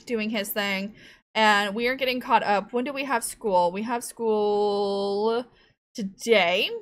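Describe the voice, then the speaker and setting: Chatty higher-pitched woman gaming at home. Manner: chatty, thinks aloud, coos to her cat. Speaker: gameplay commentator. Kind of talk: casual gameplay commentary. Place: home room at a computer. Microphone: desk microphone.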